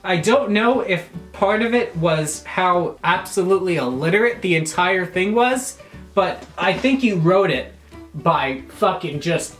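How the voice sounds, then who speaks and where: A man's voice: high voice, animated, measured pace, a bit bright. A man reading a badly written fanfiction aloud for a comedy video, breaking off with sarcastic, incredulous remarks and swearing. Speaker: YouTuber. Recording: echoey room with guitar music behind.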